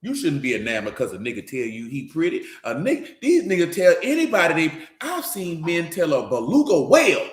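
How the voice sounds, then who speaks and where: A man preaches in a blunt, scolding way, talking to his congregation like a stern uncle. His voice sits a little high for a man and bounces around an echoey room. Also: wildly swooping pitch, brisk, hardly any pauses. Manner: blunt, scolding street talk. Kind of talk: sermon.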